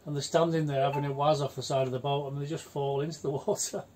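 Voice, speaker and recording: Chatty older man, slightly high voice. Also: flat delivery, quick pace, darkish tone, slight background noise. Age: 60s. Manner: storytelling, blunt and chatty. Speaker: houseboat vlogger. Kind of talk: casual chat.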